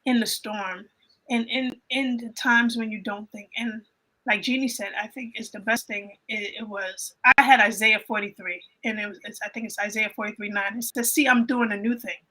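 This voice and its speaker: A woman telling an emotional personal faith story in a casual panel chat, animated and often repeating her phrases. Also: on the high side, normal speed, rough recording. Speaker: guest on a livestream panel.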